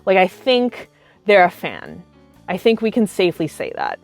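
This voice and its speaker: A woman's voice: medium pitch, normal speed, faint music behind. A woman in her thirties telling cosplay stories in a casual, chatty way, filling her sentences with "like". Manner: chatty, animated, heavy use of filler "like". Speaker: cosplay vlogger. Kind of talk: casual storytime.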